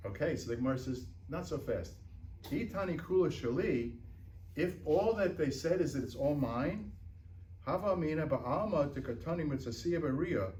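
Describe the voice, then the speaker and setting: A man's voice: on the high side, darkish tone. A man teaching a text to a class, often checking in with "right?" and "okay?" and repeating words as he thinks aloud. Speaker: Talmud teacher. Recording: roomy, picked up from a distance.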